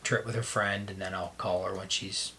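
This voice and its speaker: A man casually telling how he met his wife, halting and restarting as he talks. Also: low-pitched, fairly even intonation, sharp tone, a little hiss or hum. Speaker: vlogger telling their love story.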